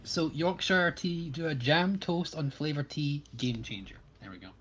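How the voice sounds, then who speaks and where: Brief: animated Scottish guy, playful banter on a game stream, noisy mic. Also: a little high, moderate pace, highs cut off. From Scotland. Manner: chatty and playfully opinionated. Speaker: fellow player on a livestream. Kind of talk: casual gaming livestream chat.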